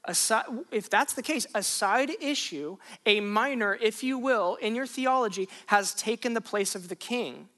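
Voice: mid-range voice, moderate pace, few pauses, sharp tone. A pastor preaching a sermon in a conversational way, asking rhetorical questions and repeating phrases for emphasis.

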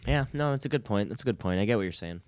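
A man's voice: fairly low pitch, lively intonation, rapid-fire, a little mellow, a little hiss or hum. A man co-hosting a podcast in casual chat, eagerly asking questions and repeating phrases. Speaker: podcast co-host. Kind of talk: casual chat about wrestling.

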